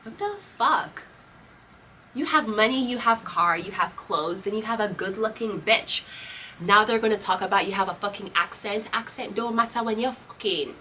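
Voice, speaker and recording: A woman's voice: medium pitch, normal speed, bright, forceful tone, slight background noise. A woman with a Jamaican accent reading tarot cards in a casual, blunt, profane way, slipping into patois. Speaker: tarot reader. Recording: voice a bit off-mic.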